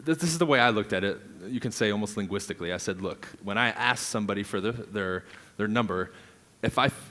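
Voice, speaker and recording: Lowish voiced guy teaching a seminar crowd, lively, acting out calls. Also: quick pace. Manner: energetic, acts out client dialogue, laughs often. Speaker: real estate coach on a panel.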